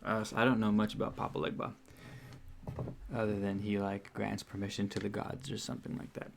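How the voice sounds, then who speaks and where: A man's voice: lowish voice, monotone, brisk, gravelly, slight background noise. Man chatting casually on stream. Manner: rambling, profane, self-correcting. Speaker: streamer host. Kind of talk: casual livestream chat.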